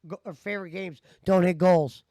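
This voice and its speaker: A man's voice: sits high, steady tone, moderate pace, dark tone, no echo. A man giving heated, profane, mocking commentary over stream clips. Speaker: commentary host.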